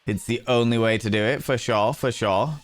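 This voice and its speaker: A man's voice: mid-range voice, moderate pace, faint music behind. A man chatting casually on a live stream in a flamboyant, theatrical, camp manner, reading out and thanking his chat.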